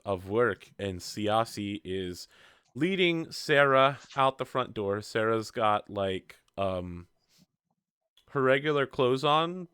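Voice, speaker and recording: A young man running a tabletop game as game master, relaxed, explaining rules and laughing often. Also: medium pitch, clean tone, dry recording, studio quality.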